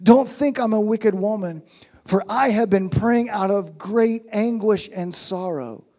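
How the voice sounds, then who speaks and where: A man's voice: high voice, unhurried, mellow, voice pushed up. A man voicing a grieving young woman who earnestly pleads her innocence, read aloud in a sermon. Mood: pleading.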